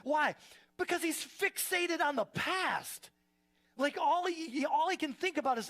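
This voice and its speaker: A man preaching a sermon to a live congregation, talking in a conversational, energetic storytelling way with frequent restarts. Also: very high voice, unhurried. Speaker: pastor. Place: church service before a live congregation.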